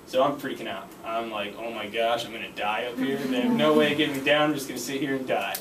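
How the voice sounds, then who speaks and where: A man's voice: mid-range voice, level tone, fast, a loud crowd. A young man giving a casual personal speech, full of fillers like "uh" and "pretty much". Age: young adult. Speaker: speaker giving a class speech. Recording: roomy echo, from far off, faint background noise.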